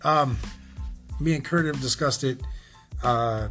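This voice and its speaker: A man's voice: mid-range voice, takes it slowly, fairly bright tone, faint music behind. A man hosting a podcast, telling a long wrestling story in a rambling, casual way, acting out the lines of the people in it and swearing freely. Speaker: podcast host.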